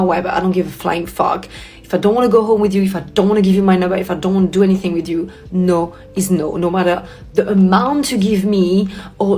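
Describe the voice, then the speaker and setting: Woman ranting about a bad night out, swears a lot, music under it. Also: lowish voice. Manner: animated, indignant, swears often. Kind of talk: telling a personal story to camera.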